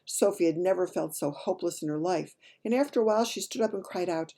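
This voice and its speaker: A woman reading a children's novel aloud in a gentle storytelling manner. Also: fairly low pitch, quick pace, hardly any pauses. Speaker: reader.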